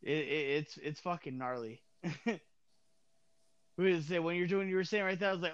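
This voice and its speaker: A man in casual conversation who keeps halting and reaching for words, his sentences full of fillers. His voice is high and smooth. The sound is dry and close, with no room around it. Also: no echo, highs cut off. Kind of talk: casual chat.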